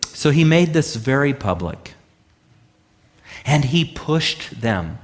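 A man preaching a sermon as pastor, emphatic, full of rhetorical questions and slow, drawn-out phrases. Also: mid-range voice, big pitch swings.

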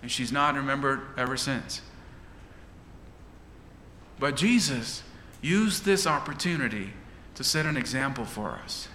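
A man's voice: mid-range voice, lively intonation, a little slow, long pauses, sharp tone, slight background noise. A man preaching a sermon with dramatic, rising and falling delivery. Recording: echoey church hall.

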